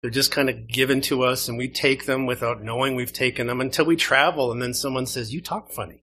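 A man's voice: mid-range voice, steady tone, fairly quick, bright, forceful tone. A man from Canada with a Canadian accent, preaching a sermon to a congregation in a conversational way and asking them questions. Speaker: pastor. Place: church.

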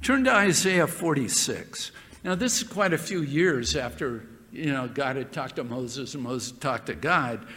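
A man's voice: mid-range voice, animated, unhurried, pushed and bright. A man preaching a sermon, stressing words and repeating phrases. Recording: long reverb of a hall.

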